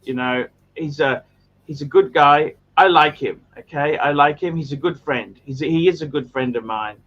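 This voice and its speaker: A man's voice: a little high, moderate pace, a bit bright, muffled recording. An Australian man hosting a livestream in casual chat, earnest and repetitive, stumbling over restarts. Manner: earnest, repeats himself, stammers on restarts. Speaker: livestream host.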